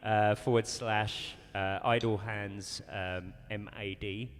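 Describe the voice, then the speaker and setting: A man's voice: fairly low pitch, fairly even intonation, takes it slowly, long reverb tail, slight background noise. A man casually bantering and laughing with bandmates on a livestream between songs. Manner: laughing, teasing. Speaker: band member hosting a livestream.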